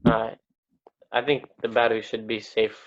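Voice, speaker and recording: A man co-hosting a casual podcast, answering in hesitant, halting bits. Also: lowish voice, flat delivery. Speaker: podcast co-host. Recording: tinny phone-like call audio.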